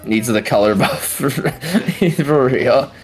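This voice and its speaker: Faint music sits behind a medium-pitched tournament commentator giving hyped fighting game play-by-play. He yells, swears, and exclaims often when the big moments land, then shifts to calmer, fast-paced breakdowns between the outbursts.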